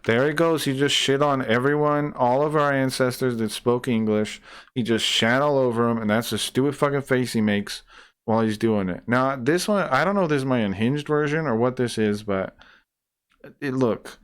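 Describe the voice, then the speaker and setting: A man with a smooth, resonant voice tears into his target in an exasperated, profane rant. He loops back, restarts lines and piles on repeats as he gets worked up, and his pitch sits in a middling range for a man. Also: moderate pace. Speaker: streamer reacting to a debate clip. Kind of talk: heated reaction commentary.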